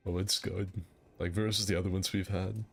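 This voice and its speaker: Brisk and gravelly, sitting low with a level tone, this young man's voice carries his casual game fight night stream over soft background music. He rambles, trading crude jokes and banter, and laughs frequently.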